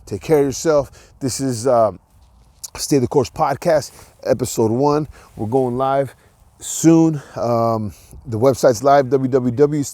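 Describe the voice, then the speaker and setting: Rambling male podcast host with a dark voice. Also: medium pitch, slow, no room sound. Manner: rambling, with frequent restarts and filler words; earnest and encouraging. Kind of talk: casual solo monologue.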